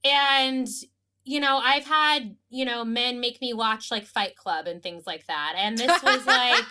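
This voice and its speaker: Woman co-host, casual recap chat; bright voice, pitched a touch high, animated and filler-heavy. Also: unhurried, smooth. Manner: chatty, heavy use of "like", animated. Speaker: podcast co-host.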